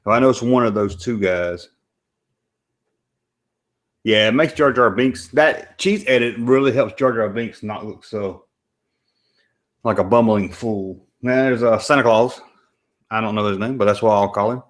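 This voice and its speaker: With a lowish voice that runs a little slow and pauses often, a Southern-accented American host gives relaxed live-stream commentary, chatting and wandering off topic as he watches and reacts to a movie.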